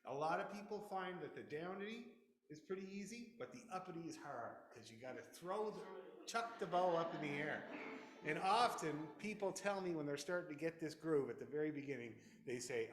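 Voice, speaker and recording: A man leading a fiddle orchestra rehearsal, counting the players in loudly, singing rhythms aloud and joking as he teaches. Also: a little high, lively intonation, fairly quick. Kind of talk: rehearsal instruction. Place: rehearsal room with fiddles playing. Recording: echoey room, loud fiddles behind.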